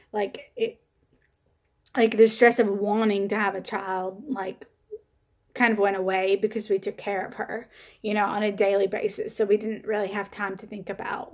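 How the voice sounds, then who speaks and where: A young woman vlogging to camera, telling a personal story in a casual, chatty way with lots of fillers and an animated retelling. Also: mid-range voice.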